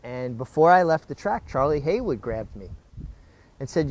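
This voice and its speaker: A middle-aged man speaks at an ordinary pitch, telling his story in a relaxed interview. He talks animatedly, often restarting his sentences as he goes. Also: normal speed. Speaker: former jockey, interview guest.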